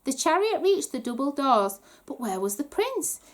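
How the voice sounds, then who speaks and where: A woman reading a children's book aloud with animated storytelling. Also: high voice, normal speed. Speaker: reader.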